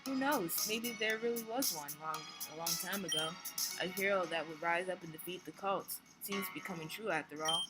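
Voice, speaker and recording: A woman voicing a cocky, dismissive male mercenary who posed as a prophet, over loud game music. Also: fairly low pitch, moderate pace, natural voice, poor audio. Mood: smug. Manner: cocky, dismissive, casual slang.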